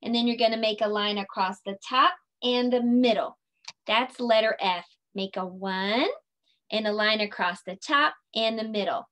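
A woman leading a children's circle time lesson, speaking in a slow, sing-song, encouraging way and stretching her words out. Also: a little high, a bit bright. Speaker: preschool teacher.

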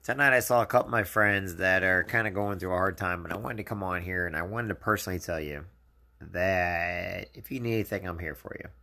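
A man's voice: sits low, fairly quick, gravelly, sharp tone. A man hosting a casual live video message, talking earnestly to encourage and console his viewers. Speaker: channel host.

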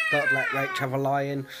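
A man's voice: mid-range voice, heavy background noise. A British man vlogging casually at home on a handheld phone, rambling with lots of fillers and restarts. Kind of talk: casual daily vlog chat. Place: at home, indoors.

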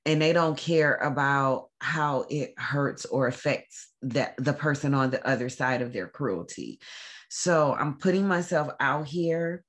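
A woman hosting a faith-based talk to camera, speaking earnestly and haltingly, often pausing with "um" as she holds back tears. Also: rumbling low. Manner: earnest, emotional, halting with frequent ums. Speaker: show host.

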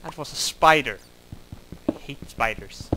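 A man's voice: medium pitch, animated, unhurried, heavy background noise. A man giving wry, self-mocking commentary while playing a game, grumbling at it as he goes. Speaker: gameplay commentator. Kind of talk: let's play commentary.

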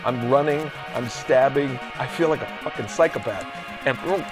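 A man casually bantering while playing an old video game, self-mocking and breaking into excited outbursts. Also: mid-range voice, normal speed, over music. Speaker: game show co-host. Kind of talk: casual let's-play banter.

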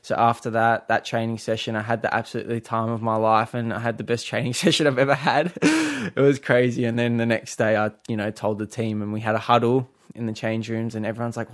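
A young Australian man in his twenties speaks candidly and earnestly, leaning on fillers as he tells his story. His pitch barely moves, staying in a flat, level line. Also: brisk. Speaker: footballer. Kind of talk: interview.

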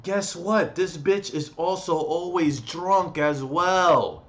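A young man ranting angrily on his vlog, profane and agitated, with sudden loud outbursts. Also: sits high, slow pace. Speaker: vlogger.

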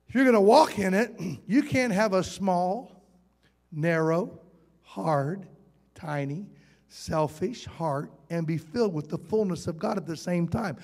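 A man preaching a sermon, folksy and playful, often asking the congregation questions. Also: high-pitched. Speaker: pastor. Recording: hall reverb.

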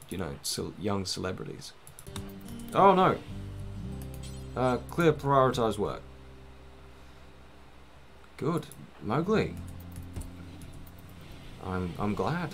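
A man's voice: low-pitched, lively intonation, moderate pace, gravelly, soft background music. A man giving casual, rambling, self-mocking commentary while playing a game, swearing now and then. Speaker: gaming let's-play host.

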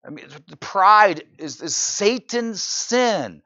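A pastor preaching a sermon in church, often asking the congregation "right?" and building to loud, incredulous exclamations. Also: male voice, sits high, takes it slowly, no room sound, muffled recording. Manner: animated preaching, frequent "right?" asides to the congregation.

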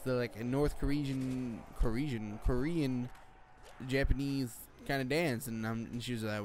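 A man's voice: medium pitch, steady tone, a little slow, a little hiss or hum. A teenage boy giving rambling, jokey gameplay commentary late at night, swearing and jumping between topics. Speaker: gaming commentator.

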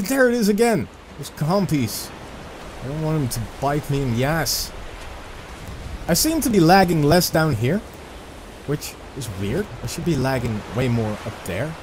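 A man casually commenting on his own gameplay, rambling and self-deprecating, with sudden excited outbursts. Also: fairly high pitch, a little hiss or hum. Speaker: let's play gamer.

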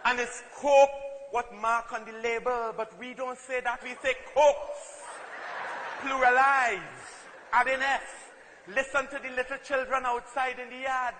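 A man's voice: extremely high pitch, level tone, moderate pace, pushed and bright. Trinidadian man, playful and emphatic. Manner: playful, emphatic, acts out quoted voices. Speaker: performer of a comedic monologue. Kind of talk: comic spoken-word performance. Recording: long hall reverb, faint noise.

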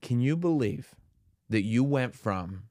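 A man's voice: mid-range voice, expressive, darkish tone, no room sound, studio quality. Playful guy co-hosting a podcast, teasing his cohost, voice jumps all over. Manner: playful, teasing, quick to laugh. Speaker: podcast co-host. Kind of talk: casual chat.

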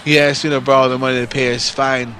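A man's voice: mid-range voice, level tone, quick pace, background noise. A man in his forties from New York State telling a story casually, rambling and swearing constantly. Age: 40s.

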